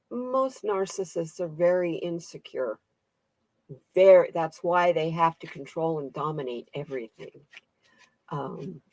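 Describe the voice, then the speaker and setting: Woman, tarot reader, live-stream host, slow unhurried talk, dry close sound, chatty, laughs often. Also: sits low, no echo. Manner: chatty, laughs often, reads viewer comments aloud. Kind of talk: casual live-stream reading, chatting with viewers.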